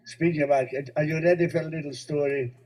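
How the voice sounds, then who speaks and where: A man with a mellow, dark voice teaches as a rabbi. He explains ideas patiently and tells little stories with gentle humor. His talk has the easy rhythm of a spiritual lesson. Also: on the high side, steady tone, fast, rough recording.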